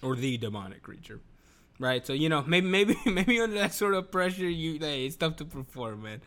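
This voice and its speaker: A man's voice: on the high side, big pitch swings, normal speed, a bit bright. Rambling, swearing young man ranting casually. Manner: rambling, profane, keeps restarting, bursts into laughter. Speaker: video commentator. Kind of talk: casual rant to viewers.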